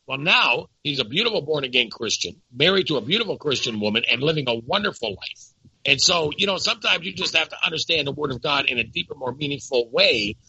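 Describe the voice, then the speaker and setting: A man's voice: fairly high pitch, animated, fairly quick, vocal fry, sharp tone, breathy edge, muffled recording. A man talking about his faith in casual conversation, fervent and full of stories, often repeating words as he builds up. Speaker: guest. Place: Dominican Republic.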